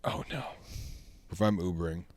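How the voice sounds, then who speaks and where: A young man trades wry jokes in a relaxed podcast chat. His voice sits fairly low and the sound is dry and close, with no room around it. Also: moderate pace, no echo. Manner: wry, joking banter. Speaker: podcast co-host. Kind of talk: casual chat.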